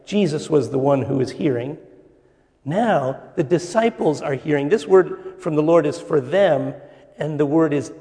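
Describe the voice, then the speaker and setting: Man preaching slowly in an echoing hall. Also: a little high, lively intonation, mellow. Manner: slow, deliberate preaching with pauses. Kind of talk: sermon. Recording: long reverb of a church hall.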